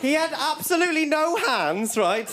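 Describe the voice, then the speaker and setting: High-voiced man doing stand-up. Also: moderate pace. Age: young adult. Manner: rambling, excitable storytelling, tags lines with "right?". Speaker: stand-up comedian. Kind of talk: stand-up set. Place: comedy club stage. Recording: loud live crowd and club noise.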